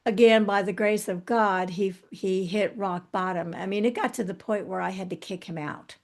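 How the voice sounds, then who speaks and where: A middle-aged woman speaks candidly in an interview, earnest and reflective. She often stops and restarts her sentences, and her voice sits at an ordinary pitch for a woman. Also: fairly even intonation, normal speed. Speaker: guest author.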